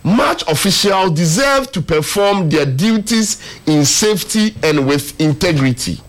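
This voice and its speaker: A man reading out a club's formal press statement in a measured way. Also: sits high, expressive, a little hiss or hum.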